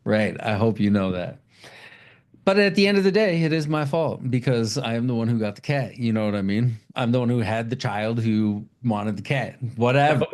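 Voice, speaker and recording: A man's voice: medium pitch, fairly quick, few pauses, a little mellow. Tired, rambling middle-aged man. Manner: loose, swearing, rambling storytelling. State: tired from lack of sleep. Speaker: podcast co-host. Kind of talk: casual chat.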